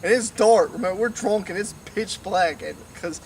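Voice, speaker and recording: A man's voice: sits high, normal speed, darkish tone. Tipsy young man rambling outdoors. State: drunk. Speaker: storyteller. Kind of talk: casual storytelling to camera. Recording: distant mic, faint noise.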